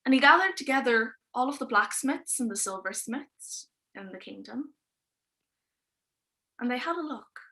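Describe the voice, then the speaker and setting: Bright-voiced woman telling a fairy tale. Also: on the high side. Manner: lively, informal, with wry asides. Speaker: storyteller. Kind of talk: oral storytelling performance on a livestream.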